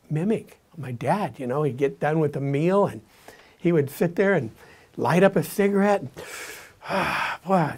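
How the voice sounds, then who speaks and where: A man's voice: high voice, a little mellow. An older man, a grandfather, telling plainspoken stories in a conversational, reflective way. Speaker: grandfather sharing parenting advice. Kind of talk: reflective storytelling talk.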